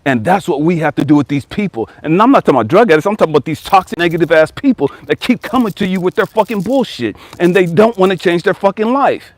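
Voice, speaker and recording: A fairly high-pitched man delivers a blunt, profane motivational rant in a preachy coaching tone. He keeps swearing as he hammers his point home and mocks whiny complainers. The sound is dry and close, with no room echo. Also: expressive, fast talker, hardly any pauses. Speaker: life coach.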